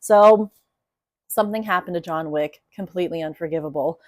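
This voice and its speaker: A young woman explains writing craft in a loose, talkative way, full of "like" and "you know". Her voice sits slightly low, and the recording is close and dry with no room around it. She tells the story with real animation. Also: normal speed, dry recording. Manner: chatty, animated storyteller with many fillers. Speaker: writing coach. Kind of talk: casual explainer to camera.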